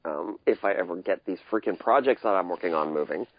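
A man's voice: low-pitched, animated, fast talker, no echo. A middle-aged man, a guest in a casual chat, rambling and laughing often. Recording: dry muffled recording.

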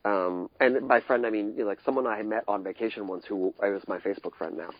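A man's voice: lowish voice, steady tone, fast talker, no room sound. A middle-aged man, a guest in a casual chat, rambling and laughing often. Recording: dry muffled recording.

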